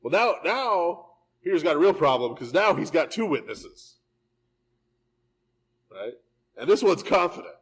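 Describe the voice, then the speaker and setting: A man, a priest, leading a live verse-by-verse Bible study in a church, reading scripture and retelling it in a casual, lively way with frequent "right?" asides. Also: a little high, measured pace, long pauses, husky, rough recording. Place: church hall, recorded live.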